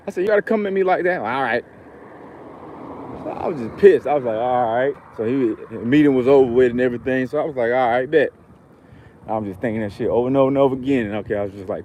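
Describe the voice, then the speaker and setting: A man's voice: mid-range voice, fast talker, a little mellow, a little hiss or hum, poor audio. A man from Georgia, telling a heated, profane story in a casual rant to camera. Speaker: vlogger.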